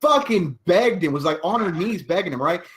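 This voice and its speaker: Profane storytelling guy, lively pitch. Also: fairly quick. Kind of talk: casual group chat.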